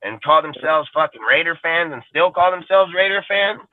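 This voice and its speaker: A man's voice: a little high, lively intonation, normal speed, dry recording. Heated profane man on a tinny line. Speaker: podcast co-host. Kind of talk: casual profane fan talk. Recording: tinny phone-like sound, dry.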